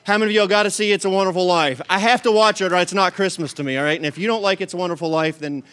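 A man preaches a sermon with a folksy, joking manner. His voice sits a little high and sounds smooth and clear. He stays animated from line to line. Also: rapid-fire. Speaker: pastor.

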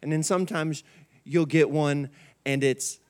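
A man's voice: on the high side, fairly even intonation, a little slow, darkish tone, clean tone. A male pastor preaching a conversational midweek sermon in church, repeating key words and calling on the congregation to answer. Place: church sanctuary.

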